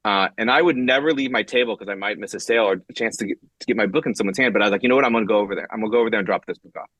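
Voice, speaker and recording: Talking very fast in a lowish voice with no echo, a comic writer appearing as an interview guest relates stories in a loose, lively way. He keeps performing quotes, filling pauses, and restarting sentences.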